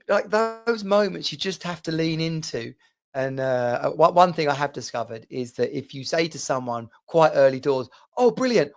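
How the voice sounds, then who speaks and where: A middle-aged Englishman chats to camera in a rambling, personal monologue. His mid-pitched voice has a gravelly, creaky edge. He talks loosely, with plenty of asides and restarts. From England. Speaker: vlogger.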